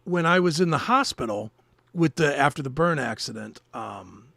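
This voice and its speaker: A man co-hosting a podcast, telling a story in casual chat, animated and swearing freely. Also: on the high side, normal speed, creaky, dry recording. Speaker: podcast co-host.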